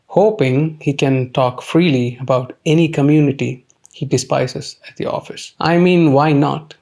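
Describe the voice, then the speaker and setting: A man with a gravelly, creaky voice tells dark jokes in a flat, deadpan way. His pitch sits in the middle, and the delivery stays dry and unbothered throughout. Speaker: comedy narrator. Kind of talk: deadpan comedic monologue.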